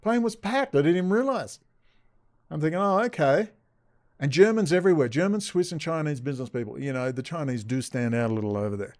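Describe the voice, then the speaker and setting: A man's voice: on the high side, expressive, brisk. A man from Australia, telling a rambling, profane, agitated story straight to camera. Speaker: vlogger.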